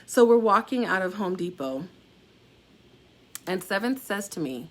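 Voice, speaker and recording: Animated middle-aged woman telling a story. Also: a little slow, long pauses, a little hiss or hum. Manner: animated, acts out quoted voices with big pitch jumps. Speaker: salon suite owner sharing a warning. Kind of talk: casual storytelling to followers.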